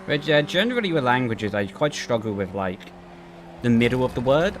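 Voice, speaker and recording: A man's voice: mid-range voice, a little fast, noisy background. Chatty young man on a headset. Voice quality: flat intonation. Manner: chatty, rambling, reads chat aloud and laughs easily. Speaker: sim racing streamer. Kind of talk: casual livestream chat while racing. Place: home sim rig room. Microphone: headset mic.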